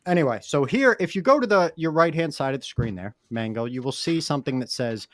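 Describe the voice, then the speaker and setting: A man co-hosting a podcast in casual chat, hyped and energetic, with frequent swearing. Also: a little high, brisk, no echo. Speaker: podcast co-host.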